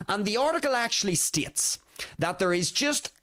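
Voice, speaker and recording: A solo podcast host reads a news summary aloud, then breaks off with exclamations and quick asides. The pitch swings widely from line to line. The speaking pitch sits mid-range. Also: expressive, fairly bright tone. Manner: laughs between serious remarks.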